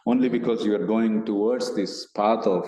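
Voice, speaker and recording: Deep dark-voiced Indian man, echoey. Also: fairly even intonation, normal speed. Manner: rambling, explanatory, often restarts, acts out inner voices. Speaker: meditation podcast co-host. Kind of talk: casual spiritual discussion. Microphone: online meeting recording.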